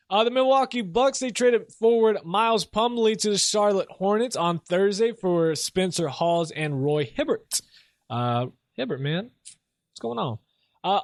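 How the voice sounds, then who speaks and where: A man's voice: sits high, no room sound, clean studio sound. A young man hosting a solo sports show, rambling casually and mocking himself as he rants. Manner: casual, rambling, self-mocking, laughs often. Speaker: sports podcast host.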